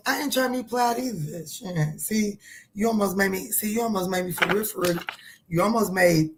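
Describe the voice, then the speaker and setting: Middle-aged lady tarot reader, loose playful livestream chat, laughing a lot, talking back to her chat, mid-pitched voice. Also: normal speed, slight background noise.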